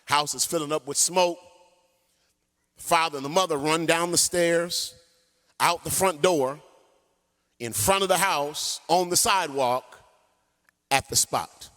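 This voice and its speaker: A man pastor preaching a sermon and telling a story in an animated way, sometimes singing his phrases. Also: on the high side, measured pace, pauses often. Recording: long church hall reverb.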